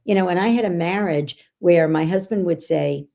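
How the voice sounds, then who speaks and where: A woman speaking as a podcast guest, telling her stories in an animated way and laughing often. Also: lowish voice, moderate pace, creaky. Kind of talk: casual podcast conversation.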